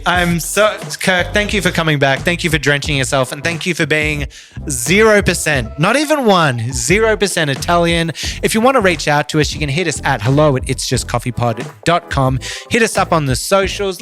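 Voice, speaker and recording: A man's voice: on the high side, animated, brisk, a bit bright, faint music behind. A man hosting a casual podcast, teasing his co-host and laughing often.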